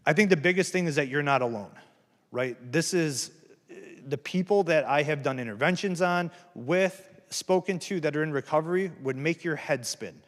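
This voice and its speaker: A man's voice: a little high, moderate pace. A man giving a candid, earnest talk about recovery to an audience, self-deprecating and plain-spoken. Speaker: recovery speaker at a campus event. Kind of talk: personal testimony talk. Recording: hall reverb.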